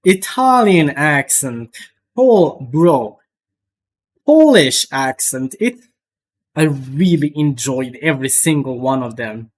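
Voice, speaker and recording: A young man streaming live, chatting casually and rambling, with lots of restarts and swearing. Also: a little high.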